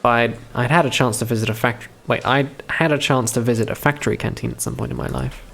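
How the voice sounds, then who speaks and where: Male streamer, casual game commentary, swears a lot, stumbles over words, mid-pitched voice. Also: fairly even intonation, a little fast, creaky, fairly bright tone. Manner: profane, stammering, laughing often.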